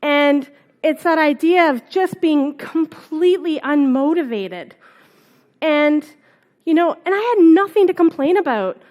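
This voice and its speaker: A young woman from Canada gives a conference talk while fighting a cold. Her voice sits high, and she rambles casually with plenty of ums and asides. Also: lively intonation, a little slow, a little mellow. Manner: casual, rambling storytelling with fillers. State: has a cold, on cold medicine. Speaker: conference speaker. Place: conference hall.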